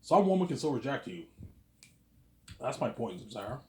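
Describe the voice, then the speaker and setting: A man's voice: mid-range voice, big pitch swings, moderate pace, mellow, a little hiss or hum. A man, around thirty, rambling in a casual, self-assured monologue and tacking "obviously" and "man" onto his sentences. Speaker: vlogger. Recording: roomy echo.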